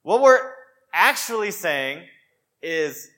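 Animated man preaching a casual sermon. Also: on the high side, slow pace. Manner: conversational, animated, many "you know" and "like" fillers.

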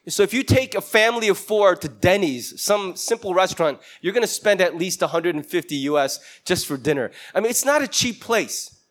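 A man's voice: high voice, fairly bright tone. A man preaching a sermon as a storyteller, acting out the voices of the people in his story. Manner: storytelling, acts out quoted voices.

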